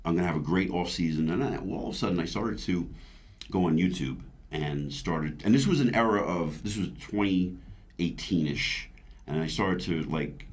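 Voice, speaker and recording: A man in his fifties, a veteran bodybuilder, telling his story earnestly in an interview, with frequent restarts and stammers. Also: deep voice. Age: 50s. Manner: retells his own past words aloud.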